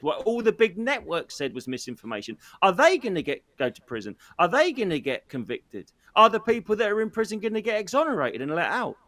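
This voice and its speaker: A man on a podcast with a high, swooping voice. He sounds exasperated and often trails off. The sound is dry. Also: a bit bright, no echo. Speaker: podcast co-host. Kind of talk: casual political chat.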